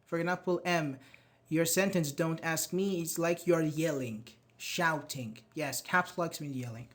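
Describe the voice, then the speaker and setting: A man's voice: fairly high pitch, unhurried. A man with a slightly raised voice teaches a live online English grammar class. He reads students' chat answers aloud and praises them. He sounds patient and encouraging, speaking into a computer mic.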